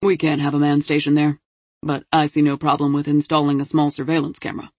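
A woman's voice: deep voice, monotone, brisk, a little mellow, dry recording. A woman voicing a male detective briefing his team in a matter-of-fact tone. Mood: businesslike. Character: male detective reporting case findings.

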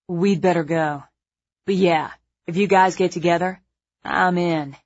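A woman's voice: on the low side, fairly even intonation, unhurried, dry recording, lo-fi sound. A woman voicing a shaken, subdued teenage boy in an audiobook. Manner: subdued, resigned. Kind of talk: audiobook character voice.

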